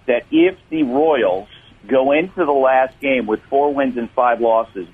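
A man's voice: medium pitch, slightly rough. A male sports reporter calling into a radio show, talking baseball in a joking, conversational way over the phone. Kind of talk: casual sports talk radio. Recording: phone line.

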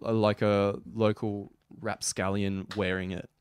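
A young Australian man telling a story in animated, sweary casual podcast chat. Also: on the low side, unhurried, smooth, no echo.

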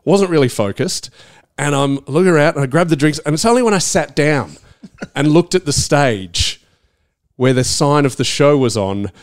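A man's voice: on the high side, expressive, moderate pace, no room sound, clean studio sound. A middle-aged man, co-hosting a casual chat podcast and telling a rambling story while laughing at himself. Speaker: podcast co-host.

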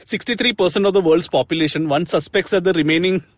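A man's voice: high-pitched, quick pace, no room sound. A young man hosting a podcast in casual, jokey, rambling chat. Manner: jokey, rambling, laughs often. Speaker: podcast host.

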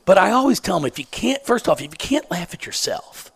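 Middle-aged coach guy w a stutter, gravelly, jokey sarcastic storytelling. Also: high-pitched, sing-song, fairly quick, fairly bright tone. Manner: stutters, sarcastic and self-mocking. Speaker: basketball coach. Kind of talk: casual storytelling interview.

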